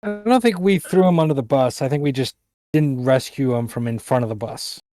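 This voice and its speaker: A man's voice: medium pitch, fairly quick, mellow, dry recording. A man playing in a tabletop game, speaking in a matter-of-fact, dry way. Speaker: player. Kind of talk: casual chat at a tabletop game.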